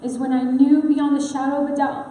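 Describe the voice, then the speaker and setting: Woman, sermon, earnest and personal, conversational fillers, dark mellow tone, very roomy church echo. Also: sits high, flat delivery, a little fast. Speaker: preacher. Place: church sanctuary. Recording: echoey hall with long reverb.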